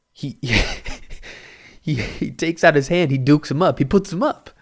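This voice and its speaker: A man's voice: mid-range voice, lively intonation, slow pace. Man telling a rambling profane story. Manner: rambling and profane, acting out quotes. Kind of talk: casual spoken storytelling. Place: home, recording into a mic.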